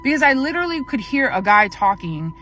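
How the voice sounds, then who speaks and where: A young woman casually telling a spooky personal story, animated and profane. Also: high-pitched, fairly quick, poor audio.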